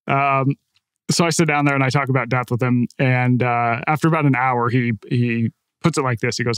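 A man's voice: medium pitch, moderate pace, clean tone, no echo. Casual man telling stories, dry sound. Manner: casual, animated, with frequent "like" and "right?". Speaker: author and podcast guest. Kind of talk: conversational storytelling.

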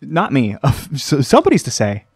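A man hosting a let's play, rambling and joking at himself, often jumping into a high sing-song voice. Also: wildly swooping pitch, a little fast, husky, no echo, faint music behind. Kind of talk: casual gameplay commentary. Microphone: desk microphone.

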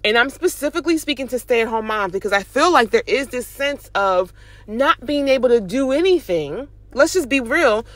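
Young mom vlogger, animated and preachy-encouraging, fairly high voice, recorded dry and close while driving. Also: female voice, normal speed, dry recording. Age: young adult. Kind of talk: casual motivational talk to camera. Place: in a car, driving.

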